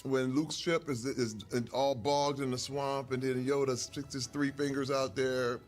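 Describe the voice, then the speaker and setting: A man telling stories from his life in casual conversation over a meal, animated and earnest, sometimes getting emotional. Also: mid-range voice, measured pace, soft background music. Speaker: guest.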